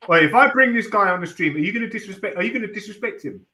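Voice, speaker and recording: A man's voice: high voice, expressive, racing, bright, forceful tone. A man trading laughing, teasing insults in a casual stream chat. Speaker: stream guest.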